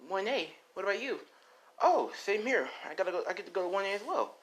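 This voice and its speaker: A man's voice: high-pitched, expressive, quick pace, fairly bright tone, slight background noise, voice pushed up, low-quality recording. A man voicing a laid-back teenage boy hero, talking in a slangy, easygoing way. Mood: friendly. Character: teen boy hero with many powers.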